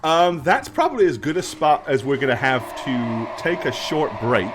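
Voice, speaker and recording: A man's voice: mid-range voice, lively intonation, normal speed, noisy background. A man narrating a tabletop role-playing game as game master, casual and loose with fillers. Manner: casual, with many fillers and laughs.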